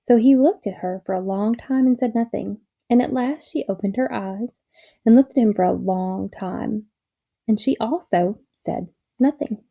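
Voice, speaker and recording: A woman reading a children's novel aloud in a gentle, measured storytelling manner. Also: fairly high pitch, gravelly, dull audio. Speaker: reader.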